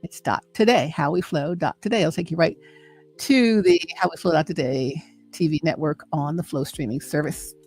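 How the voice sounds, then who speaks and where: A woman's voice: low voice, normal speed, darkish tone, slightly rough. A middle-aged woman hosting a motivational faith talk on a livestream, speaking with an emphatic, repetitive, preacher-like cadence and coaxing her listeners.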